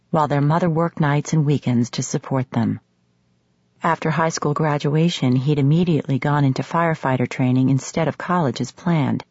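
Audiobook narrator: woman, low husky voice, measured sultry romance reading, dry and slightly dull audio. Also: darkish tone, dry recording. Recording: slightly muffled studio audio.

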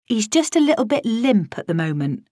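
A woman's voice: a little high, big pitch swings, moderate pace, dark tone, no room sound, clean studio sound, pitched above the performer's own voice. A woman voicing a breezy male security officer who brushes off concern. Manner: breezy, insisting all is fine.

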